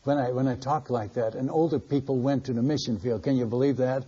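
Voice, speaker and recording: Older man, missionary preacher, folksy storytelling sermon, husky voice, muffled lo-fi recording. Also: medium pitch, steady tone, brisk, mellow. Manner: folksy, conversational, chuckling storyteller.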